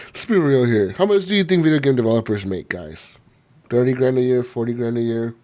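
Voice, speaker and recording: A man's voice: mid-range voice, very animated, normal speed, a little mellow. A man hosting a gaming podcast in casual chat, rambling with lots of filler words, swearing freely and laughing often. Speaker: podcast host.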